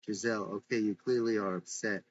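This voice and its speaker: A man's voice: fairly low pitch, steady tone, fairly quick, close to an everyday voice. A man reading the lines of a placating middle-aged mother, in a dull lo-fi recording.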